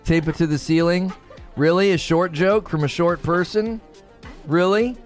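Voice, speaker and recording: This livestream host speaks a little slowly over soft background music, reading viewer comments from his home room. He laughs a lot and gets animated, his rants climbing in pitch as the casual stream goes on.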